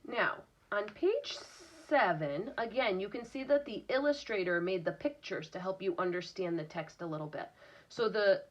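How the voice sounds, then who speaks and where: A woman's voice: medium pitch, lively intonation, normal speed. A woman teacher reading a picture book aloud to young children, patiently explaining words and sounding them out. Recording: dull lo-fi recording.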